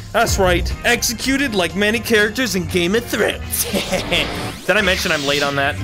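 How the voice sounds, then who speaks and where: An excitable young man narrating his own virtual reality gameplay, yelling and laughing as he goes. His pitch leaps all over the place. Music plays clearly underneath his voice. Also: normal speed. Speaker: gaming YouTuber. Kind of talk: VR gameplay commentary.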